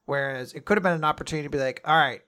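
A man talks casually on a manga review show. His voice sits a little high, and his manner is loose, rambling and laid-back, with easy swearing. The chat feels unscripted. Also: very fast, fairly bright tone, smooth. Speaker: podcast co-host.

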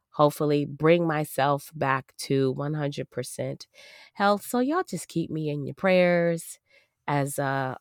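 Hoarse low-voiced woman podcaster. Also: no echo, studio quality. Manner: chatty, repeats herself, laughs between thoughts. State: hoarse, voice nearly gone from coughing. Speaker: podcast host. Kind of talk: casual podcast monologue.

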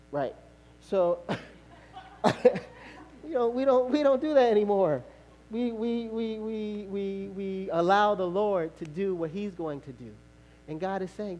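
A male pastor delivering a sermon in a lively, storytelling way. His voice sits high for a man, and he acts out little dialogues and repeats phrases to drive a point home. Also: rough recording. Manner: animated, storytelling with acted-out dialogue and repetition.

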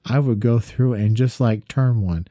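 A man's voice: medium pitch, a little slow, mellow, dry recording, studio quality. A man co-hosting a casual faith discussion, friendly and teasing, telling stories with animation. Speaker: podcast co-host.

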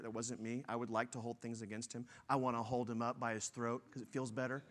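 A man's voice: medium pitch, level tone, fast talker, few pauses, fairly bright tone. A man preaching a sermon, telling stories and stressing his points with force. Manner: storytelling, emphatic, says y'all. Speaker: pastor.

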